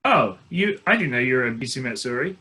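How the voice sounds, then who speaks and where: A man's voice: medium pitch, animated, fast talker, sharp tone. A man co-hosting a podcast, chiming in with short, dry quips. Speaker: podcast co-host. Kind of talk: casual chat.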